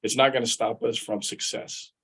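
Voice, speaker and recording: A man's voice: medium pitch, steady tone, normal speed, fairly bright tone, slightly rough, low-quality recording. A middle-aged man from Guam, an attorney and veteran, telling personal stories in a conversational way over a video call. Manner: conversational, repeats words while thinking. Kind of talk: storytelling in a live interview.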